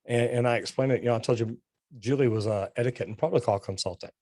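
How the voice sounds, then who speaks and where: A man's voice: mid-range voice, quick pace, dry recording, studio quality. A man speaking as a guest in a casual interview, direct and to the point, telling stories with acted-out dialogue. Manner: animated storytelling with quoted dialogue. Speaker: plumber and sales guest.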